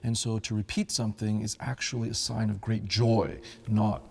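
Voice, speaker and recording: A devout priest explains sacred chant in an earnest teaching voice. His low voice has a gravelly edge, and it rings with a long reverb like a stone church. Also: level tone, moderate pace, darkish tone, slight background noise. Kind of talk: teaching talk on liturgical chant.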